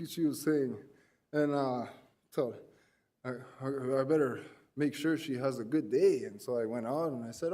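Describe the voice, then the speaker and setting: A man's voice: fairly high pitch, moderate pace, warm tone. A man presenting at an education forum, telling rambling, self-deprecating anecdotes with many restarts. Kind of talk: anecdotal storytelling talk.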